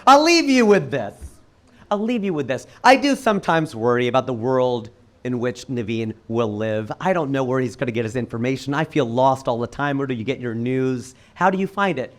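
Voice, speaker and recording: A male stand-up comedian from Cincinnati performing on a live stage with a handheld mic, delivering punchy jokes and rhetorical questions in an animated way. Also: mid-range voice, a little fast. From Cincinnati, United States.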